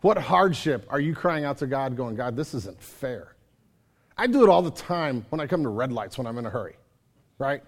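A man's voice: mid-range voice, animated, fairly quick. A man preaching a sermon at a church service, talking conversationally, asking the congregation questions and acting out his own complaints to God. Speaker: pastor.

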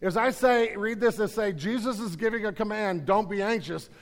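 Male pastor, high voice, earnest sermon delivery with restarts, large reverberant room. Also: normal speed. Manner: earnest, repeats words, rises to emphatic then drops low. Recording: hall reverb.

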